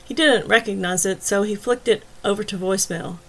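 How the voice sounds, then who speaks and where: A woman narrating a crime novel as an audiobook in a steady, even storytelling manner. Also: medium pitch, brisk. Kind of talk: scripted narration.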